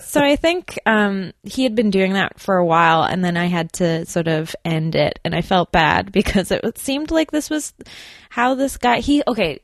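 A woman co-hosting a podcast in casual chat. She tells stories with quick acted-out quotes and laughs often. Her voice sits at a middle pitch, recorded close and dry. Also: big pitch swings, no room sound. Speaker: podcast co-host.

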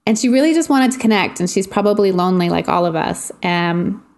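A woman's voice: medium pitch, animated, brisk, a little mellow. A woman co-hosting a casual chat, telling a rambling story and laughing often.

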